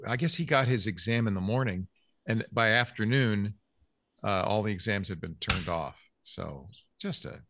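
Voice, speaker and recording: A man's voice: lowish voice, expressive, normal speed, noisy background. A man hosting a casual tech news chat, reading out news quotes with jokey asides. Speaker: podcast host.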